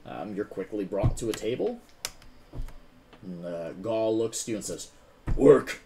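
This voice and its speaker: A man's voice: on the low side, moderate pace. Casual male game master with a faint hiss. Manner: casual, many fillers like "like" and "um". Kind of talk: narrating a tabletop game.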